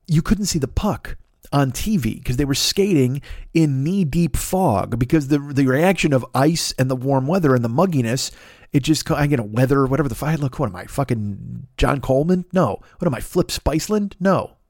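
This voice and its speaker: A middle-aged man hosting a podcast, ranting angrily with constant swearing and acting out both sides of an argument in quick voices. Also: mid-range voice, lively intonation, darkish tone, dry recording, studio quality. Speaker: podcast host. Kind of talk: profane ranting monologue.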